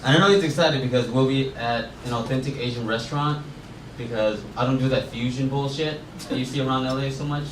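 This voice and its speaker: A man's voice: mid-range voice, brisk. A man performing a stand-up set and then chatting with the panel, often laughing as he talks. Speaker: stand-up comedian. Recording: echoey room from far off, clear noise.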